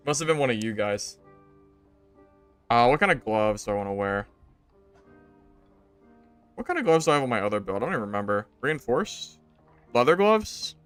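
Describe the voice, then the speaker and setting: A young man casually commenting on his gameplay to stream viewers, joking and exasperated, jumping to loud high outbursts. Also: expressive, moderate pace, pauses often, clean tone, faint music behind. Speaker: game streamer.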